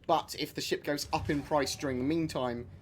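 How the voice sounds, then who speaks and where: A man's voice: fairly high pitch, fairly even intonation, moderate pace, a little hiss or hum. A man livestreaming a game, chatting casually, joking and swearing at it while answering chat. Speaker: game streamer.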